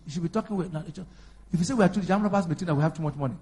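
A man preaching a sermon, calling out to the congregation and rising to loud, emphatic bursts. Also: fairly high pitch, racing, background noise. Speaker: pastor.

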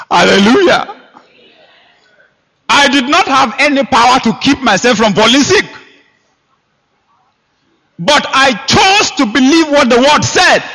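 A man preaching a sermon, emphatic, with sharp rises and quiet drops. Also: high voice. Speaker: pastor. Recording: long hall reverb.

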